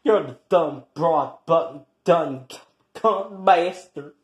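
A performer in an improvised comic quarrel, trash-talking and taunting with heavy swearing and swinging between loud jeers and low mutters. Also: slow, echoey room. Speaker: comedy skit performer.

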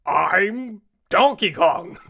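Dopey big ape, very slow drawl, high husky tone. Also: male voice, sharp tone, heavily acted. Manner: slow, dopey, laughing bravado. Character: dim, brash ape, male, big.

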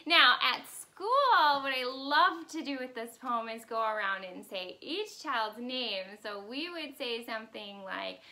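A woman's voice: sits high, expressive, unhurried, hardly any pauses, pushed and bright. A woman teacher in a video lesson for young children, cheerful and sing-song as she leads actions and songs. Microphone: camera in front of her.

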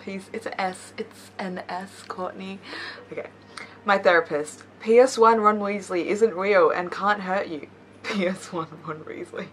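A woman's voice: medium pitch, fairly even intonation, a little slow. Young woman, YouTuber, reading memes aloud, giggly, playful, self-mocking asides, faint background noise. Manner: giggly, laughs between lines.

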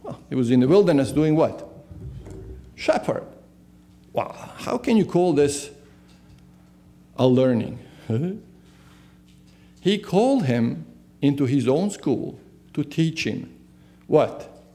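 A male pastor delivers a sermon in a church, keeping his tone soft and mellow. His speaking voice sits a little above the usual pitch for a man. He keeps asking the listeners questions and then supplying the answers. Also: big pitch swings, takes it slowly, pauses often. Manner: asks the congregation rhetorical questions.

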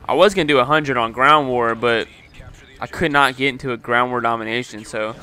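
Bright-voiced young man swearing over gameplay. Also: mid-range voice, a little fast, clear, resonant tone, faint music behind. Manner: swears a lot, frustrated outbursts. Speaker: gameplay commentator. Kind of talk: live gameplay commentary.

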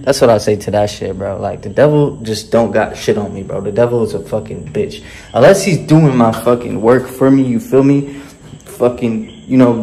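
A man's voice: medium pitch, warm tone. Cocky, foul-mouthed man hyping himself. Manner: boastful and heavily profane; swaggering street slang. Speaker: fitness and mindset coach. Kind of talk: motivational vlog monologue.

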